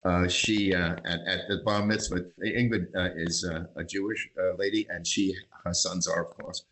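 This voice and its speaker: An older man from the Bronx, telling lively anecdotes as a guest, acting out voices and singing bits of songs. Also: low-pitched, normal speed, slight background noise, low-quality recording. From East Bronx, New York. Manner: animated raconteur, acts out voices and sings snatches. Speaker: magazine publisher, guest. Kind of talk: storytelling interview.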